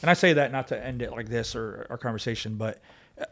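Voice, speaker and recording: A man's voice: mid-range voice, fairly bright tone. A man, a former police officer, telling his story as a guest on a podcast, emphatic and acting out what others said. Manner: fast, emphatic retelling, acting out quoted voices. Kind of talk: conversational storytelling. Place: podcast studio.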